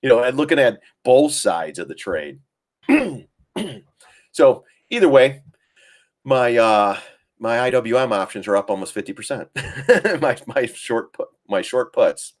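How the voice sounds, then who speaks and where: A man's voice: mid-range voice, lively intonation, a little slow. A man hosting a live trading stream, chatting casually about charts, laughing often and mimicking panicked traders. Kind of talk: casual live market commentary.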